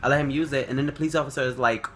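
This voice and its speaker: A young man telling a story to the camera, animated and swearing freely, acting out quotes. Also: racing, slight background noise. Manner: animated, swears freely, acts out quotes with big jumps up in pitch. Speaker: vlogger.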